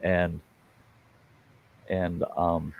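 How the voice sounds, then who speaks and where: The host of a live storytelling stream speaks in a low, gravelly voice with a flat delivery, going extremely slowly. The lo-fi recording sounds dull, with a little hiss or hum, as he rambles through folksy tales for his viewers, acting out the dialogue.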